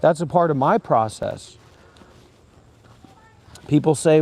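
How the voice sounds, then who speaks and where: A man's voice: fairly high pitch, takes it slowly, long pauses, darkish tone, no room sound. A man who is a former Buddhist monk, talking to camera outdoors in a graveyard. He rambles and preaches, repeating phrases over and over.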